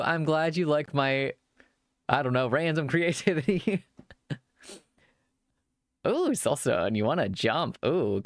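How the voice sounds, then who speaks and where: Chatty gravelly-voiced male streamer. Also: medium pitch, dry recording, studio quality. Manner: rambling, chatty, improvising; thanks viewers for follows. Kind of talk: casual live-stream chat.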